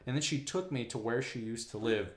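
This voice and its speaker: Brief: a mail carrier in a loose podcast chat, mid-pitched, swears a lot, room echo. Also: male voice, fairly quick. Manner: profane, animated storyteller, acts out voices. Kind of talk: casual storytelling chat.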